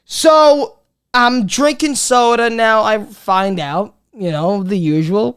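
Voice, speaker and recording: A comedy podcast host, ranting in a profane, rambling way that swings between loud bits and muttered asides. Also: medium pitch, takes it slowly, smooth. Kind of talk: comedic rant.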